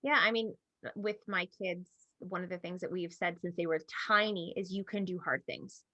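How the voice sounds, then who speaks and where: Bright, dry-sounding chatty woman host. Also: lowish voice, steady tone, moderate pace, dry recording, highs cut off. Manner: chatty, storytelling. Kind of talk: conversational interview.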